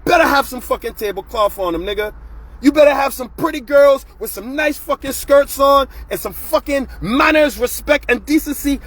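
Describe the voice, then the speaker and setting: A man's voice: very high voice, moderate pace, a bit bright, dry recording. A man hosting his own show, ranting bluntly and profanely in a casual, fired-up monologue. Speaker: show host.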